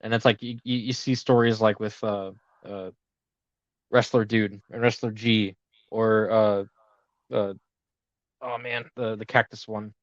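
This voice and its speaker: A man's voice: on the low side, little pitch movement, a little slow, long pauses, no echo. Rambling young man, dull dry sound. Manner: rambling, filler-heavy, laughs easily. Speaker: podcast co-host. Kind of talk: casual podcast chat.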